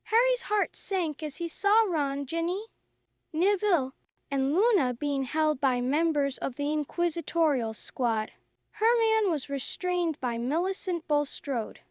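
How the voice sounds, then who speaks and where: Slow, high-voiced woman storyteller. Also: animated, dry recording, clean studio sound. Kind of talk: scripted story narration for English learners.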